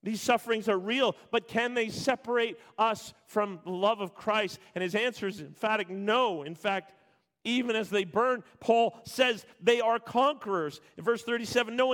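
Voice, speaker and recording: A man preaching a sermon, reading scripture with rising intensity, then dropping to quiet, slow emphasis. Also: very high voice. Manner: builds to loud emphatic peaks, then drops quiet and slow. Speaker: pastor.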